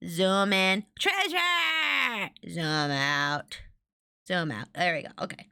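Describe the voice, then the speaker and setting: A woman streaming a farming game, chatting casually and getting excitable and squealy over every find. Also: sits low, takes it slowly, smooth. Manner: bubbly, excitable, squeals at finds. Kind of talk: casual gameplay stream chat.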